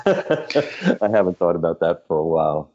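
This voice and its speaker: An older man with a low voice tells stories in an animated interview and laughs between them. His pitch rises and falls a lot as he talks. The recording sounds dull and lo-fi. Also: unhurried. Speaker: choreographer guest. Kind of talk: anecdotal interview storytelling.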